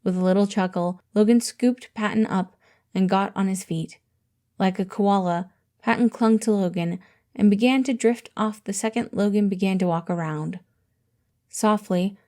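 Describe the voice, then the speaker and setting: A woman reading fan fiction aloud in a steady, gentle storytelling manner. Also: mid-range voice. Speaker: audiobook reader.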